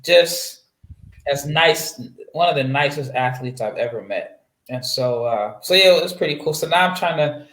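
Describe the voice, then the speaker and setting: A man's voice: a little high, normal speed, fairly bright tone. A man from Nebraska, a guest draft analyst, telling a long story in casual interview chat with lots of fillers and restarts. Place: home setup, away from his usual mic. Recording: roomy echoey sound.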